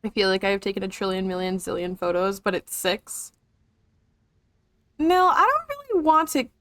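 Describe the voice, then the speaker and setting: A woman streaming a video game live, chatting excitably, swearing and joking as she comments. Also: medium pitch, moderate pace, no echo.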